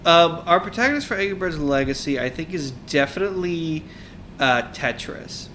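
A male co-host jokes around on a podcast in an offhand way. His voice is somewhat high, lively and bright. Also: moderate pace, slight background noise. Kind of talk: casual chat.

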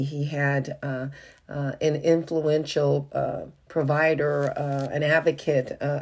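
A woman's voice: deep voice, warm tone. A woman leading a Bible study. She reads scripture aloud and then explains it conversationally, with frequent fillers. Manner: frequent "uh" and "you know" fillers. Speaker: Bible teacher.

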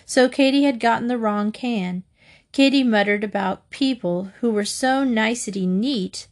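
A woman narrating a children's storybook in a gentle, measured reading voice. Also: mid-range voice.

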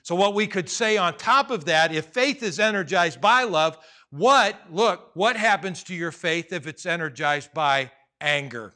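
A man's voice: high voice, expressive, a little slow, hardly any pauses, pushed and bright. A male pastor preaching a sermon to his congregation, conversational and humorous, acting out little scenes.

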